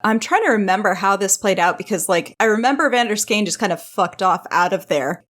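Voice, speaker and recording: A woman's voice: medium pitch, fairly quick, a bit bright. A woman narrating as game master in a casual tabletop game session, talking loosely with the players.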